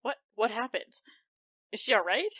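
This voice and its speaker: A woman tabletop player with a slightly high voice, talking casually and stumbling over her words. Close, dry sound. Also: very animated, moderate pace, a bit bright, no room sound.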